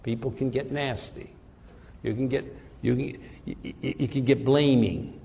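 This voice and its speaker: A man's voice: medium pitch, fairly even intonation, a little slow, gravelly, dark tone, in a large hall, slight background noise. A man preaching a sermon in an earnest way, often repeating words as he searches for the phrasing.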